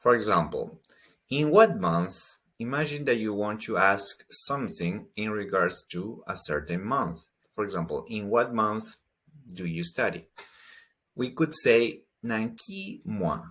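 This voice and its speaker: Animated yet measured, a male language teacher with a fairly low, fairly bright voice walks through a slow pronunciation lesson. He patiently repeats every word twice and explains its sounds.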